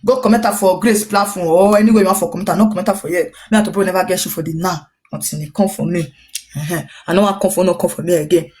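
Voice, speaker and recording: A woman's voice: on the low side, quick pace. A woman with a Nigerian Pidgin English accent, rambling as she retells a dispute and voices the other people's lines in her story. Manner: rambling, repetitive, animated retelling with quoted dialogue. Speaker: social media personality. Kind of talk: gossipy storytelling recounting a dispute.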